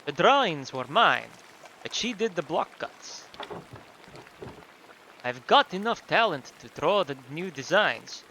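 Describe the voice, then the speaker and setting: A proud middle-aged printer with a put-on, vaguely German accent, speaking up for his craft in a video game, voiced by a man. The voice is bright and bouncy, rising and falling freely. He sounds eager to show off his new work. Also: fairly high pitch, big pitch swings, slow pace, long pauses, slight background noise, exaggerated voice.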